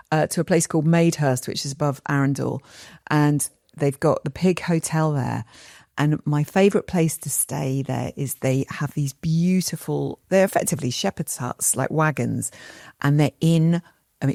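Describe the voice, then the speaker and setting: Middle-aged woman, deep speaking voice, casual rambling podcast chat, dry close mic. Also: gravelly, darkish tone, no room sound. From England. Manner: chatty, rambling storytelling with quick asides. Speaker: podcast co-host.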